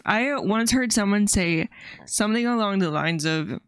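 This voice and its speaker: A woman's voice: mid-range voice, expressive, normal speed, smooth, dry recording, clean studio sound. A woman co-hosting a casual faith podcast, chatty and filler-heavy, often saying "like". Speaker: podcast co-host.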